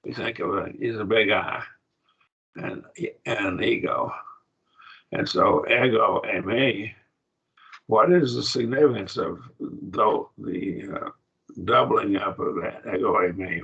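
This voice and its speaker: Man, classroom teacher, gravelly, bright tone, dull lo-fi recording. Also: on the low side, unhurried. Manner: patient, repeats words while explaining. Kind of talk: classroom grammar lecture.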